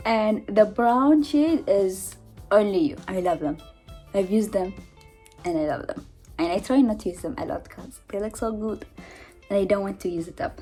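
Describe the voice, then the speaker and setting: A giggly, breathless woman in her 20s with a mid-range, slightly mellow voice vlogs from her mother's house. As a beauty vlogger doing a casual makeup haul chat, she's chatty and self-mocking, and the home vlog has background noise.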